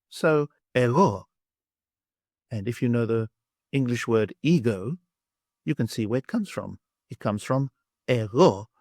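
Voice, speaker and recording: This Greek-accented teacher's voice is mid-range and a little mellow, recorded dry in a clean studio. He gives a slow vocabulary lesson for beginners, patiently sounding out and repeating every word one syllable at a time.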